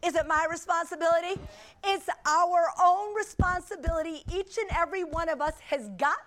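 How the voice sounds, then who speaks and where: A woman's voice: very high voice, moderate pace, a bit bright. A middle-aged woman preaching a sermon to a congregation, emphatic and repetitive, with chatty asides. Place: church before a congregation.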